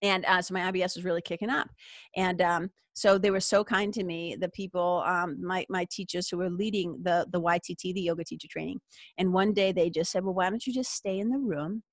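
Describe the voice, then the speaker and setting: With a lowish, level voice and a slightly quick pace, this middle-aged podcast host leads a laid-back spiritual talk show. She's upbeat and talkative, often saying "like" and laughing, and there's no room sound.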